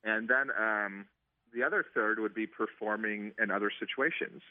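Heard through a tinny phone line, the stadium organist handles interview questions casually, peppered with ums and restarts. His pitch is fairly low, his speed normal, and the recording dry.

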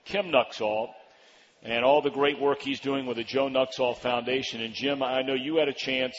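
A man's voice: medium pitch, steady tone, normal speed, in a large hall, muffled recording, a little hiss or hum. Man hosting a live radio show. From Virginia Beach, Virginia. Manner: chatty, stammering restarts. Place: live event venue with crowd.

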